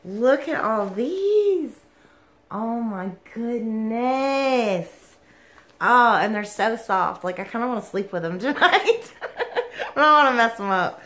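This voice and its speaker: A woman, gushing and giggling through an excited yarn unboxing vlog. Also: fairly high pitch, slow pace. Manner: gushing, giggly, lots of "like" and "oh my goodness". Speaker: yarn vlogger.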